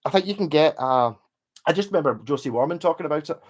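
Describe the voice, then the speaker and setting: A man's voice: fairly high pitch, animated, fast talker. A Scottish man hosting a casual live stream from home, chatting in a rambling way and swearing now and then. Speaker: livestream host. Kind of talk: casual livestream chat.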